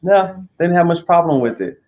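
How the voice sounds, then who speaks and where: Chatty American man, halting restarts. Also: fairly high pitch, expressive, a little mellow, dull audio. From United States. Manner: stammering restarts, candid and chatty. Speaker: interview guest. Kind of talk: casual interview chat.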